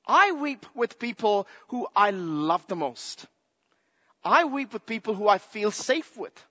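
A man with a high, bright voice delivers a sermon at an unhurried pace, leaning on key words and asking rhetorical questions. The sound is dull and lo-fi, with a long reverb from a large hall. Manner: slow, emphatic, asks rhetorical questions. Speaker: preacher.

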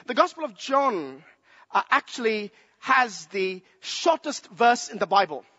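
A man with a high, bright voice delivers a sermon at an unhurried pace, leaning on key words and asking rhetorical questions. The sound is dull and lo-fi, with a long reverb from a large hall. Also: sing-song. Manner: slow, emphatic, asks rhetorical questions. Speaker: preacher.

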